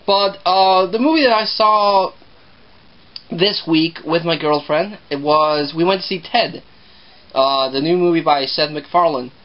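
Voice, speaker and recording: Guy rambling thru a movie review, kinda high voice, dull lo-fi sound. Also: unhurried. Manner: rambling, conversational, repeats himself. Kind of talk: casual video review.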